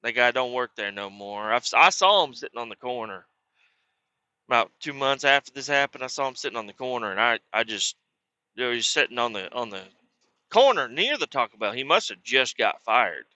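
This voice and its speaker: A man's voice: animated, fairly quick, no room sound, lo-fi sound. A man with a Southern US accent telling a crude, rambling comic story. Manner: rambling, crude, acts out quotes in loud high voices. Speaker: comedic storyteller. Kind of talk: comedic character monologue.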